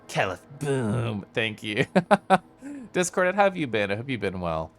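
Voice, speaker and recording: A young man streaming a game, chatting casually with his viewers in a flowing, animated monologue and laughing often. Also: fairly low pitch, takes it slowly, pauses often, soft background music. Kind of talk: casual live-stream chat while gaming.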